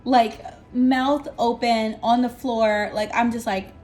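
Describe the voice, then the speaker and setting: A young woman at her desk telling an excited storytime vlog, animated and exclamatory, breaking into laughs and squeals. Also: fairly high pitch, takes it slowly, soft background music.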